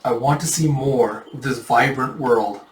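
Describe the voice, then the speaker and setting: A man voicing a brooding young male dragon warrior, speaking in a quiet, awed, ominous way. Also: medium pitch, unhurried, slight background noise, close to an everyday voice. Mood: quietly ominous. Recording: roomy, distant mic.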